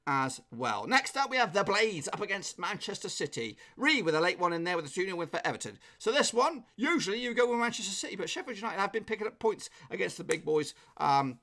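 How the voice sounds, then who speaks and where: A chatty man with an English accent hosts a live stream, rattling through viewers' score predictions. His voice sits a little high and is slightly hoarse. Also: very animated, fast, few pauses, pushed and bright. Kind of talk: casual live-stream chat.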